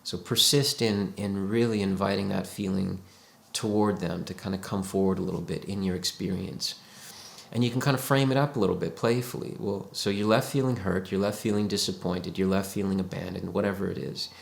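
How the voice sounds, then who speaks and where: A man's voice: deep voice, fairly even intonation, fairly quick, vocal fry, roomy sound. A man, a psychotherapist, explaining emotions in a reflective, coaxing way, often voicing the questions a listener might ask themselves. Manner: reflective, coaxing, voices imagined inner questions. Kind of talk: educational talk to camera.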